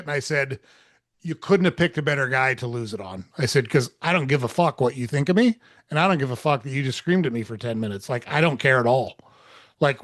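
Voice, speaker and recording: A man's voice: a little high, a bit bright, dry recording, studio quality. A man hosting a podcast who tells a story in a laid-back, casual way, swearing now and then and acting out the dialogue.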